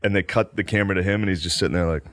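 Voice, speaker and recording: A man's voice: deep voice, rapid-fire. A man in his thirties telling funny stories in a casual podcast chat, breaking into laughing impressions. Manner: animated storytelling, bursts into loud laughing impressions. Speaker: comedian guest.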